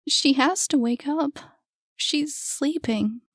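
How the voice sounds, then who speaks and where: A woman voicing a distraught young boy who pleads, yells and sobs in a storybook reading. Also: sits high, takes it slowly, no room sound, clean studio sound, voice pushed up. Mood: sobbing. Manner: pleading, yelling, sobbing. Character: distraught young boy crying for his sister.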